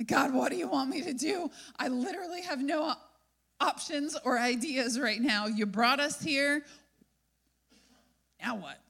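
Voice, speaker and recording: A woman's voice: a little high, animated, normal speed, sharp tone. A woman preacher voicing an anxious male prophet who pleads with God in exasperated questions. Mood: exasperated pleading.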